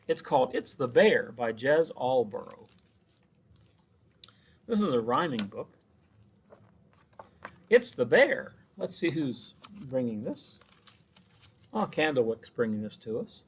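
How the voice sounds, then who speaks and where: A man's voice: mid-range voice, slightly rough. A man who is a children's librarian, reading a picture book aloud with chatty asides to the children.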